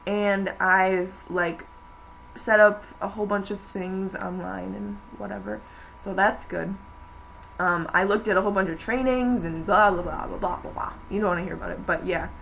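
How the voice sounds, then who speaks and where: A woman's voice: medium pitch, fairly even intonation, normal speed, vocal fry, a bit bright, a little hiss or hum, poor audio. A young woman in college, chatting casually to camera in a rambling way with many fillers. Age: young adult. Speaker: vlogger. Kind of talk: casual chat.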